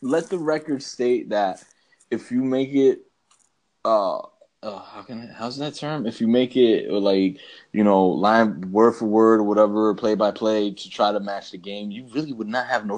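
A man's voice: fairly low pitch, normal speed, a little mellow. A man in casual chat about films, talking in a laid-back, rambling, slangy way.

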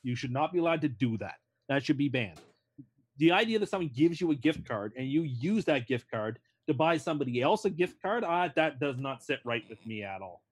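A man's voice: mid-range voice, expressive, brisk. A man co-hosting a casual podcast, earnestly and stubbornly defending his opinions. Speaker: podcast co-host.

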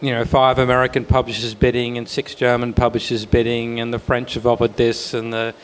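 A man recounts his career in a wry, self-deprecating way, laughing as he talks. His voice sits at a middle pitch for a man. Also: monotone, brisk, clean tone. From Australia. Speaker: author guest. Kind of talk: relaxed panel storytelling.

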